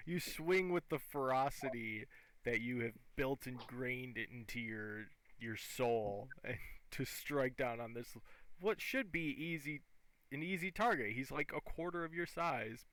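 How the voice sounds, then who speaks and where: A man running a tabletop game as game master, describing the action in lively, vivid narration. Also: medium pitch, gravelly, low-quality recording.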